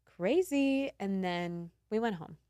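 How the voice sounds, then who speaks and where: A woman in her twenties, a podcast host, telling a story in casual chat, animated and laughing, acting out the quotes. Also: medium pitch, slow pace, no room sound.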